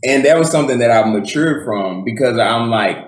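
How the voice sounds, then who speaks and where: A man talks casually as a podcast co-host, circling his point with fillers and restarts. His voice sits at an ordinary middle pitch, and the recording carries a noticeable room echo. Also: expressive, brisk. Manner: rambling, many fillers and restarts. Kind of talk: casual chat. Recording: roomy echo.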